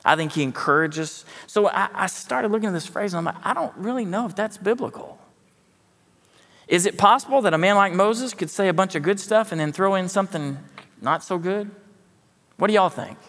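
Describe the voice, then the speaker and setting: A man's voice: high voice, brisk, a bit bright, in a large hall. A man preaching a sermon in a folksy, conversational way with joking asides. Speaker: pastor. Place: church sanctuary.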